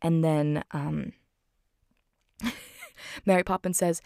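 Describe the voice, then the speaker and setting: Lady chatting thru a movie recap, giggly, kinda low voice, dry close sound. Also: normal speed, dry recording. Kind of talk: casual film recap.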